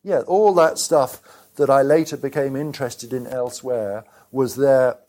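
A man's voice: medium pitch, unhurried, darkish tone. A man being interviewed about his book at a live event. He talks in a rambling, self-deprecating way with frequent restarts. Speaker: author and guest. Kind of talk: conversational onstage interview. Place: live event venue with an audience.

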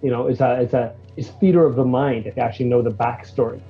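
Man, middle pitch, rambling casual talker, slightly lo-fi sound. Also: fast talker, faint music behind. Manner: rambling and animated, restarts, acts out his reactions. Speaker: guest reviewing a music track. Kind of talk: casual chat.

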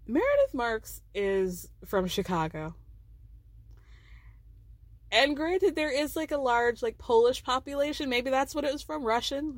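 A woman hosts a casual recap podcast, chatty and amused, peppering her story with "like." Her voice sits a bit high. The sound is close and dry. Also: very animated, a little slow, dry recording. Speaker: podcast host.

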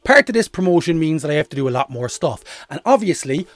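This fast-talking Irish podcast host has a slightly high voice and no echo around him. Alone on his comedy show, he spins rambling, animated tales and doesn't hold back on the swearing.

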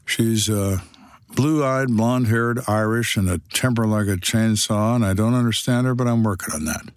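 A man's voice: on the low side, moderate pace, no echo. An older man, a retired detective, telling stories from his life in a dry, matter-of-fact way. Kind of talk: storytelling monologue.

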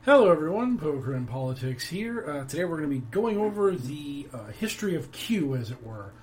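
A man's voice: a little high, sing-song, fairly quick, darkish tone, soft background music. A man hosting his own show, talking in a rambling, sardonic way with lots of fillers. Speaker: podcast host. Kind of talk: casual commentary.

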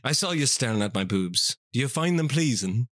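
A man's voice: medium pitch, animated, normal speed, fairly bright tone, no room sound, clean studio sound, lightly acted. A man voicing a cheeky, bawdy female leprechaun in a put-on Irish accent, in a comedic reading. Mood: sultry. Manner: playful brogue, laughs through lines.

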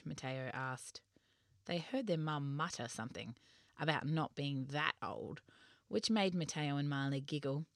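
A woman narrating a children's story in an expressive, lively way. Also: a bass voice, a little slow, no room sound, studio quality.

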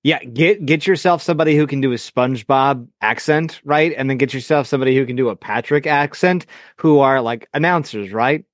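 A blunt man who is a podcast guest, ranting casually and swearing freely. His voice sits at an ordinary middle pitch. It sounds dry and close, with no room echo. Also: brisk. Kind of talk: casual chat.

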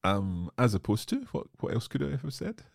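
A man's voice: mid-range voice, wildly swooping pitch, normal speed, creaky, no echo, studio quality. A man hosting a language lesson podcast, joking at his own expense while discussing phrases with a teacher. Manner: self-deprecating, joking. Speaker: podcast host learning Swedish.

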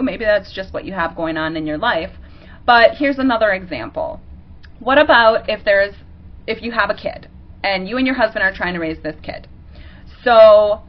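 A woman's voice: fairly high pitch, highs cut off. Conversational woman podcast host explaining. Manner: conversational, acts out quick examples. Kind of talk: casual teaching monologue.

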